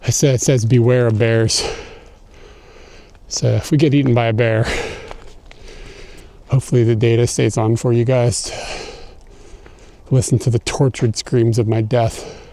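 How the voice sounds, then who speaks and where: A man's voice: mid-range voice, flat delivery, measured pace, pauses often, dark tone. A young man livestreaming as he walks through a snowy park outdoors, a bit out of breath, swearing and laughing as he rants casually to his chat. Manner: profane, laughing, ranting. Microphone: phone carried while walking. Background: faint outdoor ambience.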